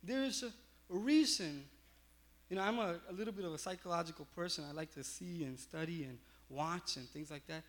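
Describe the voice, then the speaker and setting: A man's voice: a little high, brisk. A man pastor giving a sermon, telling a personal story with lots of fillers and restarts. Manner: animated storytelling with many fillers.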